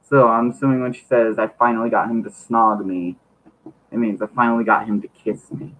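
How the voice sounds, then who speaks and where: A man's voice: fairly low pitch, level tone, fairly quick, fairly bright tone. A man reading a book aloud on his channel, stumbling over words and breaking off for wry joking asides. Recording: tinny lo-fi mic, faint hiss.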